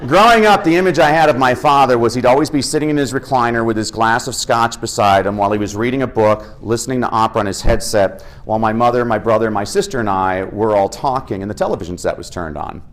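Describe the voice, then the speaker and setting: A middle-aged American man giving an energetic, humorous keynote talk as an education speaker. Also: mid-range voice, quick pace, hardly any pauses. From United States. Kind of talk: keynote speech.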